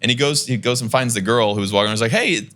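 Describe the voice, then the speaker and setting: Man, bright voice, casual podcast storytelling, animated, acts out his characters. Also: mid-range voice, very fast.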